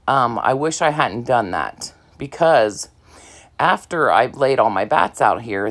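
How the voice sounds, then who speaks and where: A woman talks her viewers through a craft project at her home table in easygoing, rambling fashion, full of ums and you-knows. Her pitch swings up and down in a lively way. She sounds slightly out of breath. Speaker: craft vlogger. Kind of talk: casual crafting tutorial talk.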